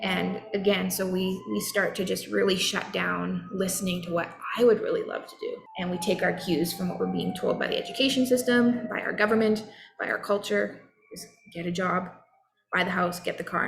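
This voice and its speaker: A woman's voice: medium pitch, vocal fry. A woman in her thirties giving an earnest, encouraging motivational talk as a self-help coach. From Canada. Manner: earnest, encouraging, acts out short quoted voices.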